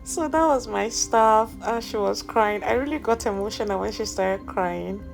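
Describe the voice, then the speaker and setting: A woman with a Nigerian accent, a cake baker vlogging, talking loudly and teasing, often laughing. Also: mid-range voice, moderate pace, vocal fry. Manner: loud, teasing, bursts of laughter. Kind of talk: casual vlog chat. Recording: loud music and crowd behind.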